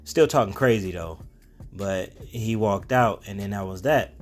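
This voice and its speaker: Brief: lower-pitched man, casual rambling storyteller, faint background music. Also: a little slow. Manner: rambling, conversational, many fillers and restarts. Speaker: self-help vlogger.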